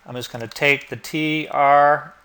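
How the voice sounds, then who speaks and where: Bright-voiced man teaching design software. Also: on the high side, measured pace. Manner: relaxed, explanatory, thinking aloud with fillers. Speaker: instructor. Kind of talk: screen-recorded software tutorial.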